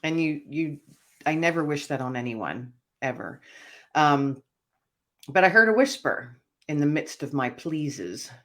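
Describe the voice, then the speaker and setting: A woman speaks as an interview guest, sharing a personal testimony. She talks in an earnest, reflective way, letting her voice fall quiet when the story turns heavy. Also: deep voice, animated, measured pace.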